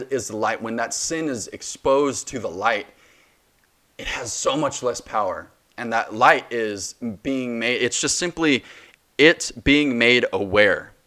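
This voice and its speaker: A man's voice: on the low side, a bit bright. A man in his twenties hosting a solo faith podcast, talking passionately and preachily, with many restarts. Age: 20s. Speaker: podcast host.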